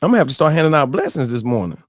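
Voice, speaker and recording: A man's voice: a little high, very animated, racing, dry recording, clean studio sound. A man, hosting a live morning stream in loose, joking casual chat full of slang and fillers.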